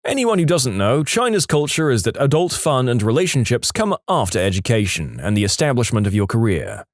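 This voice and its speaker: A man narrating reader-submitted stories in a scripted, expressive way, slowing down to land punchlines. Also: mid-range voice, dry recording, clean studio sound. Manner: expressive, slows down to stress punchlines. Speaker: storytime narrator.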